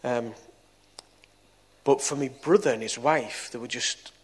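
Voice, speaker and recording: A middle-aged man, preaching and telling a testimony story, moving between soft and loud moments. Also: medium pitch, a little slow, husky. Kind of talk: testimony sermon.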